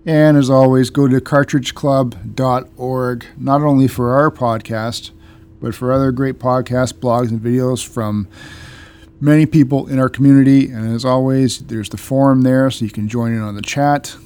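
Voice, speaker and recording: A man's voice: medium pitch, steady tone, moderate pace, darkish tone, clear, resonant tone. A man co-hosting a casual podcast, blunt and joking as he chats and reads the sign-off. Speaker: podcast co-host.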